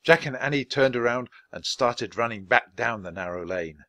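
A man's voice: mid-range voice, lively intonation, normal speed, pushed and bright, dry recording, studio quality. A man reading a children's chapter book aloud at a natural pace for language learners. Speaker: storybook reader. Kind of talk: audiobook narration for language learners.

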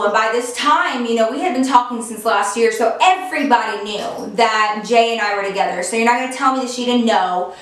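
A woman's voice: a little high, fairly bright tone. A woman vlogger telling a personal story to camera in a chatty, dramatic way, filling her talk with "like". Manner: chatty, dramatic, peppers speech with "like". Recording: very echoey room, far from mic.

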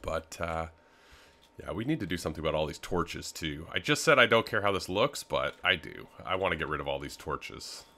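A man's voice: rumbling low, lively intonation, fairly quick, bright, forceful tone, slight background noise. A young man, rambling easily through casual game commentary with lots of filler words. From Canada. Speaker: gaming video host.

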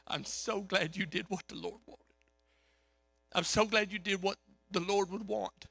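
A man voicing a soft-spoken older woman visitor, gentle and grateful. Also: sits high, steady tone, measured pace, no echo, full character voice.

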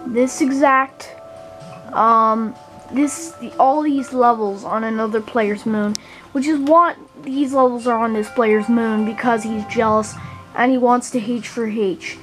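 A woman hosting a gaming channel, giving gameplay commentary in a halting, earnest way and often repeating words as she complains. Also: high voice.

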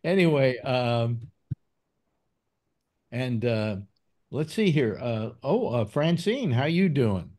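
Brief: older male host, loose rambling delivery, animated pitch. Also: slow pace, pauses often. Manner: rambling, with many fillers and restarts. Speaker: call-in show host. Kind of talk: casual panel chat.

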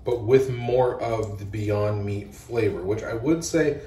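A man's voice: on the low side, slow pace, mellow, echoey room, distant mic, slight background noise. A man casually chatting and joking around with his partner during a taste test. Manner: joking, playful. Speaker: partner of the host. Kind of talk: casual chat.

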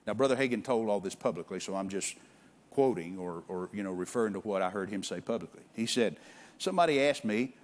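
A man's voice: on the low side, expressive, a little fast. A man delivering a sermon as a visiting pastor, in the loose, conversational manner of a preacher talking straight to his church. He often restarts and repeats words, then leans into scripture with more weight. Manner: reads scripture aloud with emphasis. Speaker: guest pastor. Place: church sanctuary.

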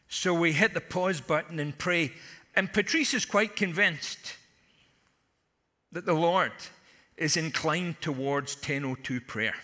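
A man's voice: fairly high pitch, a little slow, bright, forceful tone. A man preaching a conference sermon with humorous stories and punchy asides. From Scotland. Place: large conference hall. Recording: long hall reverb.

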